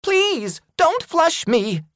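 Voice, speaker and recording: An audiobook narrator voicing a small, frightened male alien who talks in a high, pleading voice. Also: wildly swooping pitch, drawn-out words, a little mellow, no room sound, clean studio sound, full character voice. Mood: terrified.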